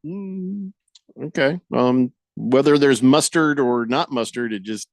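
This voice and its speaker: A man's voice: mid-range voice, takes it slowly, no room sound, clean studio sound. A male sports radio host with a wry, joking way of telling stories, reading out listener messages on air.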